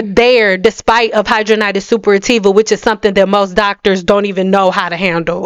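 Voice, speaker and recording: A woman's voice: mid-range voice, level tone, fairly quick, hardly any pauses, smooth, no echo, lo-fi sound. A young woman hair care vlogger talking straight to camera, blunt and sassy, with emphatic delivery and playful mocking asides. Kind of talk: direct-to-camera rant.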